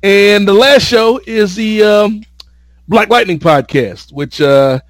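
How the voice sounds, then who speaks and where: A man's voice: sits high, slow, no room sound. A man in a casual podcast chat, plugging his shows with dry jokes. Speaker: podcast guest and host of other shows.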